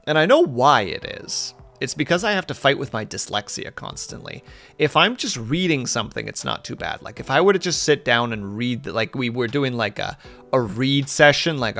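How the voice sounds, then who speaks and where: A man's voice: mid-range voice, sing-song, normal speed, fairly bright tone, faint music behind. A man streaming live, chatting casually and rambling with his viewers in a self-deprecating way.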